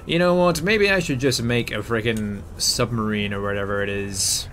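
Excitable young man commenting on gameplay. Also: mid-range voice, moderate pace, a little hiss or hum. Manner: excitable, jokey, yelps and mutters while playing. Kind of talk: casual let's-play commentary.

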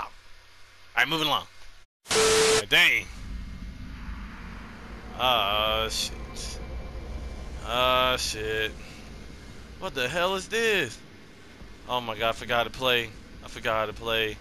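A man hosting his gaming channel, giving casual gameplay commentary with loud, excitable, repeated exclamations. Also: mid-range voice, takes it slowly, long pauses, a little hiss or hum. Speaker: gaming YouTuber host.

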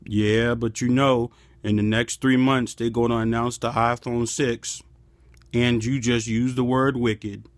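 A man imitating an overly negative person in a lower, grumbling voice. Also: a little slow, dry recording, lightly acted. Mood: gloomy. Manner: flat, grumbling, deflating.

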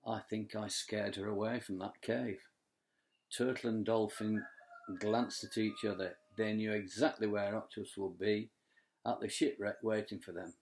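A man's voice: fairly low pitch, flat delivery, unhurried. An older man, a grandfather, reading a bedtime story aloud in a playful, reassuring way.

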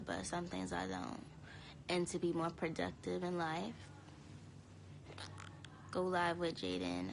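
A tired young woman chatting casually to viewers on a phone live stream from home, talking in a drowsy, low-energy way. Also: slight background noise, low-quality recording. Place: home, indoors.

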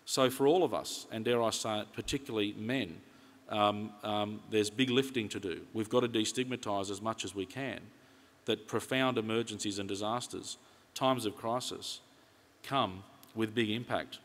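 A middle-aged Australian man speaks earnestly from a conference stage, his voice sitting on the low side. The sound carries a long reverb from a large hall around him. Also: moderate pace. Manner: earnest, retells conversations in detail. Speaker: keynote speaker. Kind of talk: conference keynote speech.

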